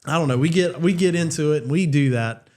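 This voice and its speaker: A man's voice: on the high side, fast, darkish tone. A man, a church youth leader, telling a story casually and animatedly, with frequent fillers and laughter.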